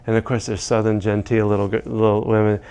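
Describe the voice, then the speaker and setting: A man's voice: lowish voice, level tone, fast talker, a little mellow, clear, resonant tone. A man teaching tapping, telling a long rambling story full of restarts and asides. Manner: rambling, many restarts and "you know"s. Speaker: EFT practitioner. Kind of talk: casual teaching with anecdotes.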